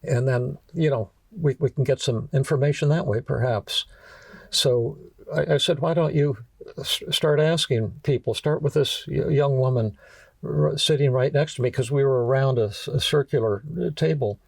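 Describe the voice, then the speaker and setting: An older man who works as a psychiatrist tells a story about one of his patients, stumbling haltingly and repeating words often. His mid-range voice carries vocal fry, and the dry recording sounds as if he's far from the microphone.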